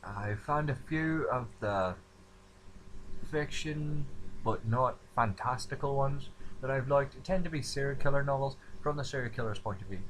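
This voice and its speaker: A man's voice: medium pitch, moderate pace, a bit bright, slight background noise, rough recording. A man from upstate New York talking in an imitated Scottish accent, rambling through a casual, self-deprecating introduction of himself. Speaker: vlogger.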